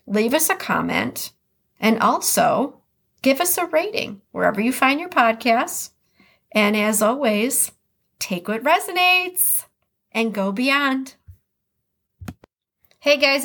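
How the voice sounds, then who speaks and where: A woman's voice: a little high, a bit bright. A woman with a Midwestern American accent hosting a podcast, chatting casually and reading quotes aloud before commenting on them. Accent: Upper Midwest American. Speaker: podcast host.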